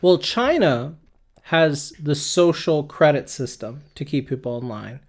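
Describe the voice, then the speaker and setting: A man hosting a podcast in relaxed back-and-forth conversation. He teases his co-host with dry, quick comebacks. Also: on the high side. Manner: wry, teasing, quick comebacks. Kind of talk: casual chat.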